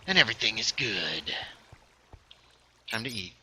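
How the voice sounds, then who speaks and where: A man's voice: fairly low pitch, animated, unhurried, bright, forceful tone, slight background noise. A man hosting a casual game livestream, joking and reading chat aloud. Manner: jokey, chatty, reads chat aloud. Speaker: livestream host. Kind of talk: casual gaming stream chat.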